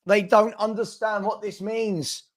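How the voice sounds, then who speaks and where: A man with a fairly high voice chats on a casual football live stream. He gets worked up and exasperated, repeating himself and restarting sentences as he goes. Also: steady tone, unhurried. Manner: exasperated, repetitive, stumbling restarts. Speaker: football channel host.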